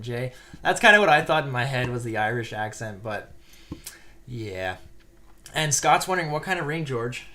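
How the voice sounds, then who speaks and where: A man's voice: medium pitch, pushed and bright. A man hosting a casual live stream, chatting and reading viewer comments aloud while he builds a set. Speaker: live-stream host building Lego sets.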